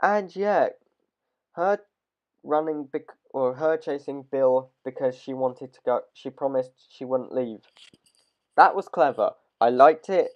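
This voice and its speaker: A man's voice: medium pitch, unhurried. A man losing his voice, giving a rambling, hesitant casual video review of a TV episode. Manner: rambling and hesitant, trailing off mid-sentence. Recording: dull lo-fi recording.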